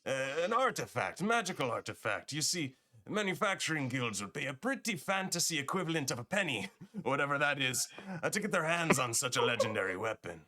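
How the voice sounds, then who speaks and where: A man's voice: medium pitch, very animated, brisk, bright, forceful tone, pitched above the performer's own voice. A man voicing a scheming male gun merchant and matchmaker in a tabletop game, with a wobbly put-on European accent and slick dealer's patter. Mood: sly. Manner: sly wheeling-dealing patter in a shaky put-on European accent.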